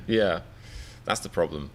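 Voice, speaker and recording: Bright-toned English man rambling live. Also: on the low side. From England. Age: 30s. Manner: rambling, self-deprecating, mock-exasperated. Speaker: live reaction streamer. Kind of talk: casual live-stream chat.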